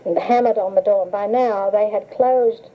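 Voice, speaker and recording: During an interview, an older woman with a medium-pitched voice and moderate pace reminisces about her life. She's chatty and tells it like a story, laughing often; the old cassette recording sounds tinny and hisses.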